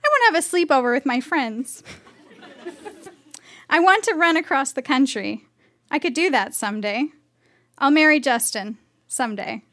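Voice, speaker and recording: A woman's voice: high-pitched, animated, normal speed, long pauses, pushed and bright. A woman reading her old diary entries aloud on stage with comic sincerity. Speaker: reader of her teenage diary.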